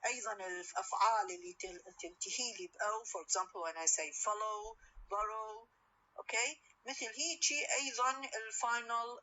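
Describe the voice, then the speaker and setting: A woman's voice: on the high side, bright, forceful tone, poor audio. A woman, an Arabic speaker, giving a university lecture. She explains patiently, repeats example words and keeps checking that the class follows.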